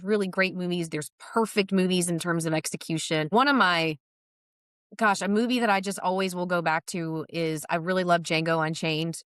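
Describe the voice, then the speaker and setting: A woman's voice: lowish voice, a bit bright, clean tone, no room sound, studio quality. A woman guest on a podcast, talking casually and listing her points, often checking in with "right?". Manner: chatty, lists points, uses "right?" often.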